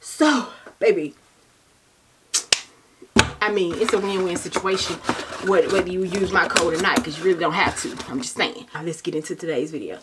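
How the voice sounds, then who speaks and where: A woman's voice: fairly low pitch, moderate pace, pauses often, heavy background noise. A young woman talking casually to her viewers in a haul vlog. She sounds tired and chatty, and she calls her viewers "baby" and "child". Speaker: vlogger.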